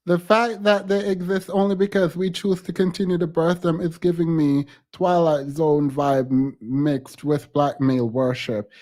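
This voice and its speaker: A man's voice: a little high, flat delivery, measured pace, few pauses, a little mellow. A man hosting a reaction commentary, skeptical and exasperated, thinking aloud. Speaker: host reacting to a clip.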